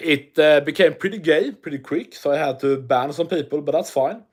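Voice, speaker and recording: A man's voice: fairly high pitch, normal speed. A Swedish man with a Swedish English accent, chatting casually and profanely on an MMA livestream while reading chat aloud. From Sweden.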